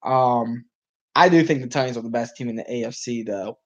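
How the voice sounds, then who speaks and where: A slightly fast, mid-range male voice hosts a loose live sports conversation, recorded with lo-fi sound. Full of restarts and ums, he wanders off track while responding to the game. His voice is wearing thin.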